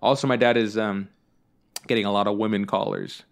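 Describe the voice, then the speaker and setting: A man's voice: fairly low pitch, fairly even intonation, a little fast, gravelly. A man hosting a podcast, chatting casually and telling rambling stories full of fillers and swearing. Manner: rambling storyteller, swears freely, many fillers. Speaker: podcast host. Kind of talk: casual chat.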